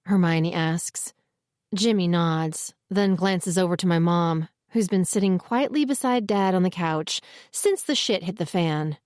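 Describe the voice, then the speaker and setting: A woman narrating a first-person romance audiobook in a steady, earnest reading voice. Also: lowish voice, a little slow, dry recording, clean studio sound.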